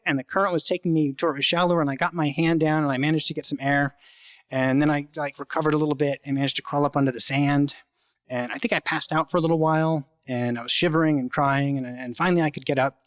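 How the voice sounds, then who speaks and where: A man telling a true story about his own life in a halting, conversational way, acting out the voices he quotes. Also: a little high, fairly bright tone, no echo. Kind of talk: live personal storytelling.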